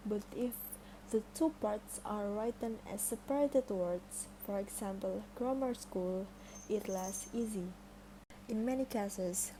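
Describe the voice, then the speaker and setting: A young woman with an Indonesian accent slowly and carefully reading a student presentation. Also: mid-range voice, mellow, a little hiss or hum, low-quality recording. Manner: slow careful reading of examples.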